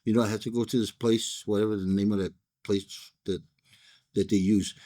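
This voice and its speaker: A man's voice: lowish voice, little pitch movement, brisk, warm tone. Laid-back man with a Hawaiian pidgin accent. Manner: rambling, laid-back storytelling with many fillers and restarts. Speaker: cigar reviewer and storyteller. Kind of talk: casual chat.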